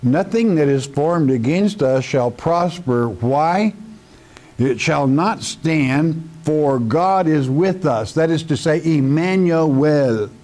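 Slow, mellow-voiced preacher teaching scripture. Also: male voice, fairly high pitch, expressive. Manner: slow, emphatic, addresses listener as friend. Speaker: pastor. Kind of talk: verse-by-verse Bible teaching sermon.

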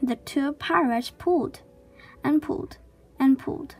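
A woman reading a children's chapter book aloud with slow, clear storytelling. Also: high voice, darkish tone. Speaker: reader.

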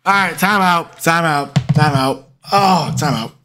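A man's voice: on the high side, measured pace, music in the background. A man streaming live, chatting casually in a tired, rambling way and stumbling over his words.

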